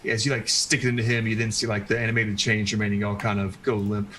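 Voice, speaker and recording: A man's voice: on the low side, little pitch movement, fast talker, fairly bright tone, slight background noise, low-quality recording. A man acting as game master, describing the action in a loose, casual way with frequent laughs. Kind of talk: narrating a tabletop game.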